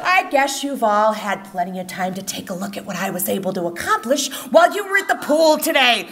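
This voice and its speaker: A woman voicing an enraged mother who shouts and scolds her children about their messy rooms. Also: sing-song, brisk. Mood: sarcastic stern. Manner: shrill, shouting, sarcastic.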